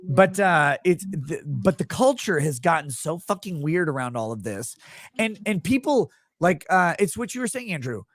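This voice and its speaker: A man's voice: fairly high pitch, no echo. A middle-aged man hosting a show, telling a story in loose casual chat, swearing and laughing as he goes. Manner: animated, swearing, quick bursts, laughs while telling. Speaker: show host.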